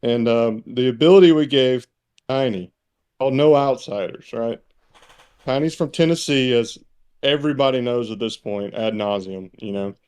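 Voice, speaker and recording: Relaxed, chuckling man from Mississippi. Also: medium pitch, moderate pace, clear, resonant tone. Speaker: podcast co-host. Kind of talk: casual podcast chat.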